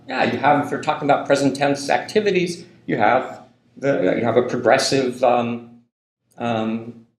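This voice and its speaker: Chatty male lecturer in an echoey classroom. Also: medium pitch. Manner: loose and conversational, many ums and tag questions. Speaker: university linguistics lecturer. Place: university lecture room.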